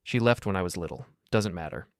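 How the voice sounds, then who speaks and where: A man's voice: low-pitched, fairly quick, dry recording, studio quality. A man voicing a scheming, callous young woman of twenty-three in a storybook reading, offhand and mocking. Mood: scornful.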